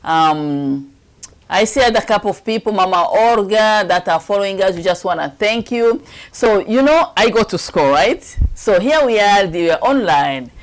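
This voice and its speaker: A woman with an African French accent, her first language French, hosts a casual talk show. She talks emphatically and with lively energy. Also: medium pitch, normal speed, low-quality recording. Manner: lively, emphatic, laughs often. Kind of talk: casual chat.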